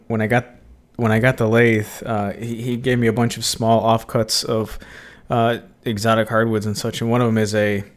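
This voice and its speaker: A man from Mississippi co-hosting a woodworking podcast, chatting casually and slipping into mock quotes. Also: fairly low pitch. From Mississippi, USA. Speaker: podcast co-host. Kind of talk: casual chat.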